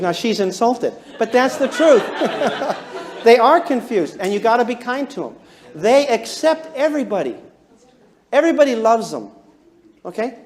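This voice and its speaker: Man, high voice, classroom lecture, animated, chuckling, asks the class questions. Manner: animated, chuckles while talking, quizzes the audience. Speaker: instructor.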